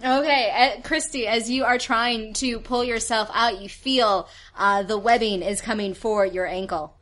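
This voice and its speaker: A woman's voice: on the high side, steady tone, measured pace, fairly bright tone. A woman acting as game master, describing a horror scene with fillers and restarts. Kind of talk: narrating a tabletop horror game.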